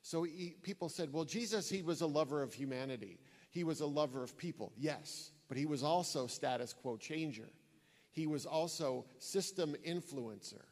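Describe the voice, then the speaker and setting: A man with a fairly high voice preaches earnestly to a church gathering, building his points through stories and emphatic repetition. His words ring out with the long reverb of a large hall. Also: moderate pace, a little mellow. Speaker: speaker at a church talk. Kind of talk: sermon-style talk with audience questions. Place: church hall before an audience.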